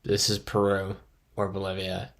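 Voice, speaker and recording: A man with a low voice and a gravelly edge chats casually through a live stream. He thinks aloud, reads out viewers' comments and pokes fun at himself in an easygoing, unscripted way. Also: completely flat delivery, normal speed, a bit bright. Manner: thinking aloud, chatty, self-deprecating.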